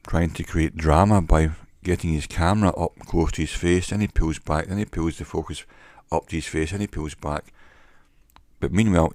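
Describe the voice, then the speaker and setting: A man, a former salesman, telling a wry story to camera in a slow, deliberate way on a cheap microphone. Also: very deep voice, a little mellow, no echo, clean studio sound. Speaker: vlogger. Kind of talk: casual monologue to camera.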